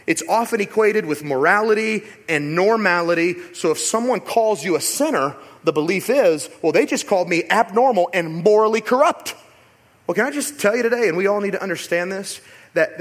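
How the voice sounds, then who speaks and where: A man preaching a sermon as pastor in a church, animated and rhetorical, sometimes acting out other voices. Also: sits high. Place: church sanctuary. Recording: long hall reverb.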